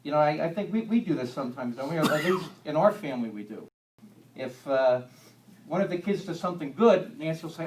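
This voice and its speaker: A man's voice: a little high, animated, fairly quick. Man teaching scripture in an echoey church. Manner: conversational, with homely humorous asides. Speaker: Bible teacher. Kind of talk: Bible teaching to a church group. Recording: echoey room, distant mic.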